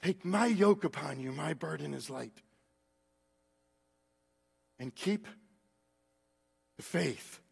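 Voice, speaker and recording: A man preaching a sermon, moving between hushed, slow words and loud, drawn-out exhortation. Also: on the high side, expressive, vocal fry, breathy edge. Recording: long reverb of a large hall.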